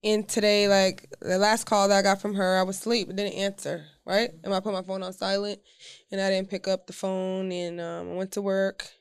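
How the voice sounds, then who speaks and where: A woman co-hosting a podcast, chatting casually and telling stories with animated emphasis. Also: medium pitch, normal speed, clear, resonant tone, dry recording, clean studio sound. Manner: animated, storytelling, drops quiet when serious. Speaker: podcast co-host. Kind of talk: casual chat.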